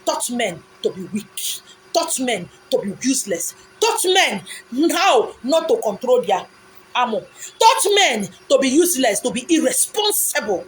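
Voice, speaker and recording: Woman, Nigerian accent, fairly high voice, preachy, insistent, rhetorical, faint hiss behind. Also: sing-song, unhurried, low-quality recording. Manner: emphatic and preachy, rhetorical questions and answers; repetitive, insistent phrasing with pidgin asides. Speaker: speaker giving a monologue. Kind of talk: impassioned monologue.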